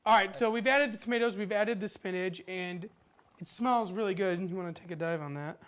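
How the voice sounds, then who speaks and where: An upbeat woman hosts a casual cooking demonstration. She talks the viewer through the recipe step by step in a relaxed, chatty way. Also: medium pitch, a little fast, clear, resonant tone. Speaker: cooking show host.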